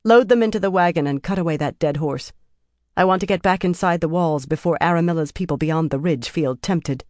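Commanding young royal heir in an audiobook, brisk orders, a touch higher than the reader's own tone, as the narrator puts her on. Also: a little mellow, no room sound, studio quality, close to an everyday voice. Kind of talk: audiobook character voice.

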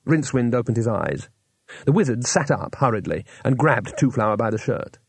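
Husky male audiobook narrator. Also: mid-range voice, very animated, no echo. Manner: measured storytelling with character voices.

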